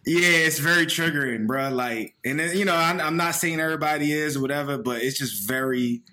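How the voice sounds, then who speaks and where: A man's voice: on the high side, fairly quick, bright, forceful tone. Blunt man, casual chat. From Philadelphia. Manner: blunt, profane, hesitant with fillers. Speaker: podcast co-host.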